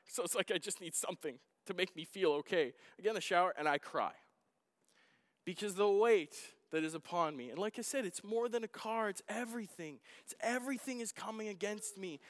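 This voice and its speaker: A middle-aged man preaching a sermon as a pastor, telling a personal story with acted-out shouts. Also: high-pitched. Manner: animated storytelling, acting out his own shouts. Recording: long hall reverb.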